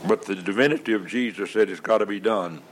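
A man preaching a sermon, leaning on repeated refrains, with halting restarts and drawn-out stresses on key words. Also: lowish voice, a little hiss or hum, poor audio.

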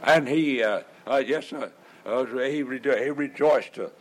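Over poor audio, a medium-pitched male preacher leans heavily on recurring refrains in his sermon. He restarts haltingly at times and stretches out the emphasis on important words.

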